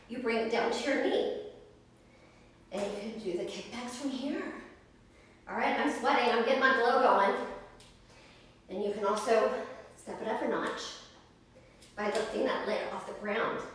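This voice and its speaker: A young woman leading a live yoga class, upbeat and chatty, counting reps and a little out of breath. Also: a little high. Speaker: yoga instructor. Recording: echoey room, mic at a distance.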